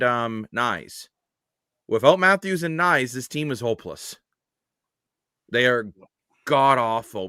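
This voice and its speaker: A man's voice: mid-range voice, bright, forceful tone, no room sound, clean studio sound. A man hosting a casual post-game sports panel, blunt and opinionated with a joking streak. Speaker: host.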